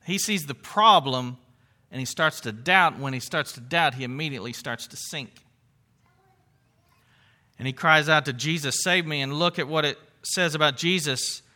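A man's voice: on the high side, normal speed, pushed and bright. A middle-aged man preaching a sermon in an earnest, conversational way, with asides and restarts as he works through the story.

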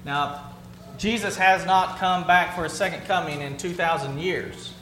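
A man's voice: sits high, a little slow, a bit bright, roomy sound, a little hiss or hum, low-quality recording. A man preaching a sermon in a conversational way, asking the congregation questions and answering back. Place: church sanctuary.

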